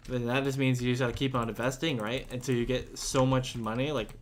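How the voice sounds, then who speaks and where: A young man with a mid-pitched voice talks casually while streaming a game, rambling and restarting his sentences as he answers chat. Faint keyboard typing and a light hiss sit underneath. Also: little pitch movement, brisk.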